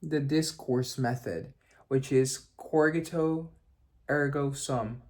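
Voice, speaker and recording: Unhurried and a little mellow, this mid-range male voice belongs to a history lecturer with his own channel. His relaxed history lesson is chatty and wanders off topic, with jokey asides and self-corrections along the way.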